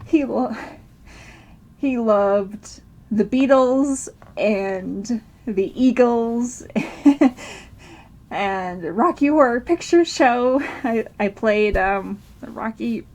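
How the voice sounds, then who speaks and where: A woman's voice: a little high, drawn-out words, darkish tone. A woman telling a personal story to camera, rambling with restarts and nervous laughter while tearful. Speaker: vlogger.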